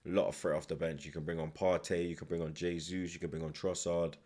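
A young man with a low-pitched, level, slightly mellow voice talks fast while live-streaming a football watchalong. His animated commentary and chat lean heavily on slang and repeated tag words.

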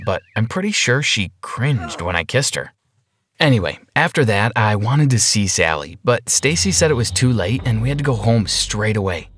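A man narrates a first-person animated story time in a low voice. His pitch rises and falls widely, and he slows down for the dramatic reveals. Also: a little hiss or hum.

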